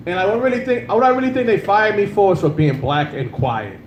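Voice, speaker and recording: A man's voice: high voice, expressive, brisk, lo-fi sound. A man performing a casual, crude stand-up comedy set on a club stage with a handheld mic. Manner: casual, crude, laid-back, with frequent filler. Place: club stage before a live audience. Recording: roomy club sound with faint noise.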